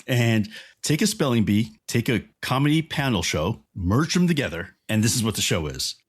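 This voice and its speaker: A man co-hosting a podcast, recommending a show in casual chat with rambling, animated storytelling. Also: medium pitch, moderate pace, breathy edge. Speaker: podcast co-host.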